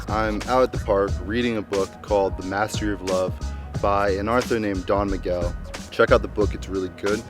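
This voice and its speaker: A man telling personal stories in a reflective vlog, earnest, moving between calm musing and bursts of excitement, recorded outdoors in a park. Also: on the low side. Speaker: vlogger. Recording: music playing over the voice.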